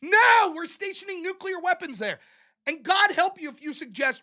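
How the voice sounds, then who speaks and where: A man's voice: very high-pitched, lively intonation, moderate pace, sharp tone. A man hosting his own political commentary show, delivering a sarcastic, profane, combative solo rant and mocking his opponents.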